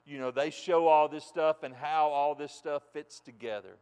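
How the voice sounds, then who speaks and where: A man preaching a sermon in a folksy way, dropping soft and then rising loud and emphatic, from a church pulpit. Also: fairly high pitch, steady tone, moderate pace, clear, resonant tone. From United States. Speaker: pastor. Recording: long reverb in a large hall.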